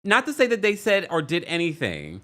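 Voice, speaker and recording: Man, livestream host, gossipy recap chat, fairly high voice, big swoops in pitch, laughs a lot. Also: wildly swooping pitch, a little fast, pushed and bright. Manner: chatty, gossipy, dramatic, laughs often. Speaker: livestream host reading viewer comments. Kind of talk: casual reality TV recap commentary.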